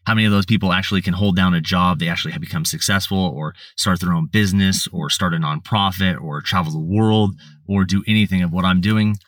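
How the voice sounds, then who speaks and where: Blunt, plain-talking man with a low voice, recorded dry and a little distant from the mic. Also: fairly even intonation, fast talker, few pauses, fairly bright tone, no room sound. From United States. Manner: blunt, swears, lots of fillers and restarts. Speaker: podcast guest. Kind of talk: casual storytelling.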